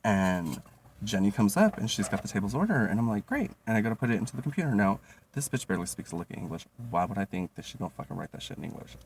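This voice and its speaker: Man, 30s, low gravelly voice, profane casual storyteller. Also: racing, slight background noise. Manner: profane, animated, lots of fillers.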